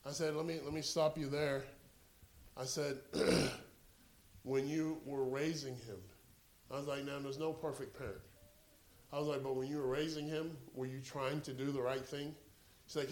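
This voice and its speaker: A man's voice: medium pitch, normal speed. Southern preacher man in a roomy hall. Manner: earnest, builds to excited animated storytelling. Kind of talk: sermon with prayer and storytelling.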